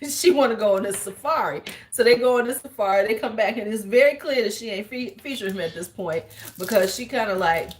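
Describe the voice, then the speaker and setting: A woman in her forties, host of a beauty livestream, telling a story in animated, slangy casual chat and laughing often. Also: mid-range voice, brisk, a little hiss or hum. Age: 40s.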